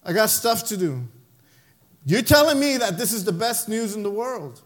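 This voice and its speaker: A man's voice: high voice, expressive, normal speed. A man voicing a frustrated, impatient boy with a whiny, exasperated manner.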